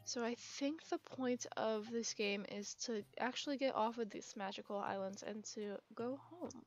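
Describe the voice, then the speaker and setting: A young woman gives casual, upbeat commentary as she plays, chatting and thinking aloud in a fairly high voice. The recording is a little muffled, and the game's music plays softly beneath her. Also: normal speed. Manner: chatty, upbeat, self-talking. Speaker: gaming video creator.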